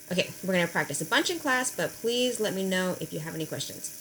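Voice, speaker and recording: A woman teacher, explaining verb endings in a recorded lesson, slowing down to spell them out. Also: lowish voice, lively intonation, a bit bright, a little hiss or hum, low-quality recording. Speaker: high school Spanish teacher. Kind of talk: recorded video lesson at a whiteboard.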